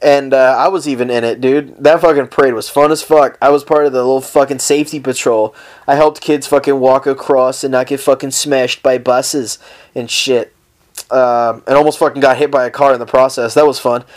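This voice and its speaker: A man's voice: mid-range voice, steady tone, brisk. Rambling, foul-mouthed young man. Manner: rambling, heavy swearing, frequent laughs. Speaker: podcast host. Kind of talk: casual solo podcast monologue.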